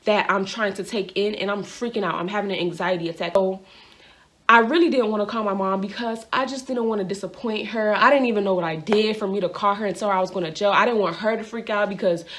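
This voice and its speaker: A young woman talks straight to the camera in a casual storytime vlog. Her voice sits at an ordinary middle pitch. She rambles, circles back and leans on filler words as she tells it. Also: fast talker, a bit bright. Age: young adult. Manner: rambling, repeats herself with filler "like". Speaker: vlogger. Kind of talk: storytime monologue.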